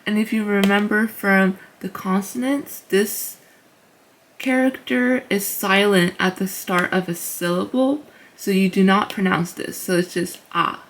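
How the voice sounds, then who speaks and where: A woman casually teaching beginners, slow and patient, repeating each sound and using many fillers. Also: medium pitch, fairly even intonation. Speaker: language teacher. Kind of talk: casual tutorial.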